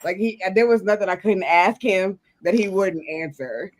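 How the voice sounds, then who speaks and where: A woman's voice: medium pitch, normal speed. A woman in her thirties co-hosting a radio talk show, chatting easily and asking guests about their families. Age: 30s. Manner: laughing, chatty, asks guests questions. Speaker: radio co-host. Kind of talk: casual radio chat.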